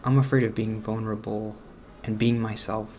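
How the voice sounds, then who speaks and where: A man in his late twenties talking softly and haltingly over a video game, trailing off and questioning himself. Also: fairly low pitch, flat delivery, slight background noise. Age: late 20s. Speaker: gaming channel host. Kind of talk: casual let's-play commentary with personal talk.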